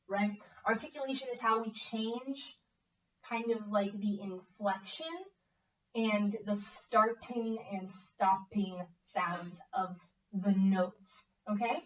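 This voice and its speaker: A young woman teaching a bassoon lesson, upbeat and encouraging, checking in with the student often. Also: takes it slowly. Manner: upbeat, coaching with frequent okay checks. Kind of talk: encouraging one-on-one music lesson. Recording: echoey, distant, dull room audio.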